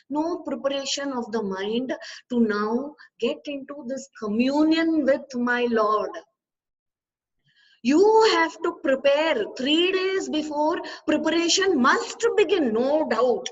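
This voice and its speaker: A woman, a spiritual teacher, giving an expressive discourse full of rhetorical questions to her listeners. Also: sits high. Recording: distant, slightly dull recording.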